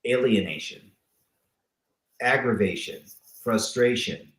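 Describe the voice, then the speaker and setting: A man's voice: mid-range voice, takes it slowly, a bit bright. A man hosting a talk show, chatting playfully and reeling off long lists of words. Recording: roomy echo.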